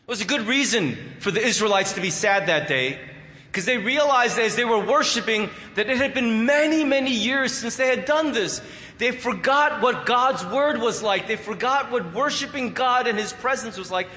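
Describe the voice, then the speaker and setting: Bright-voiced animated preacher in an echoey hall. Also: male voice, very high voice, normal speed. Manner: animated, emphatic preaching with playful asides. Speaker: pastor. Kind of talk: sermon. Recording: echoey hall with long reverb.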